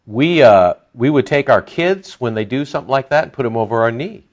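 A man preaching a sermon in an animated, conversational way, acting out the lines he quotes. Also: mid-range voice, fairly quick. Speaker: pastor. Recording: dull lo-fi sound.

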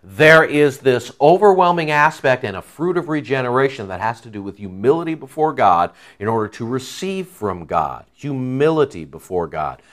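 A man's voice: medium pitch, animated, moderate pace, hardly any pauses, fairly bright tone. Man preaching an emphatic Bible sermon. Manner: emphatic, stresses key words, repeats phrases. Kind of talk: expository Bible teaching sermon.

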